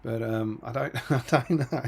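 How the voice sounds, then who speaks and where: A man's voice: medium pitch, moderate pace, vocal fry, slightly rough. A man co-hosting a hobby live stream over a video call, playful and self-deprecating, often trailing off and restarting. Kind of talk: casual chat on a video call.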